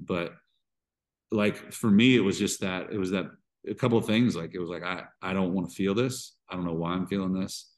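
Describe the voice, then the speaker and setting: A man with a very deep, low voice shares his personal struggles as a podcast guest. He talks in halting bursts, restarting sentences and circling back as he works through what he feels. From Georgia. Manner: halting, restarts often, emotional storytelling. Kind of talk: candid interview conversation.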